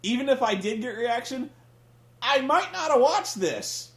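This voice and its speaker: A man's voice: very high voice, very animated, a little slow, fairly bright tone, roomy sound. A man hosting a casual comedic rant, sarcastic and profane, sounding exasperated. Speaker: podcast host reviewing wrestling.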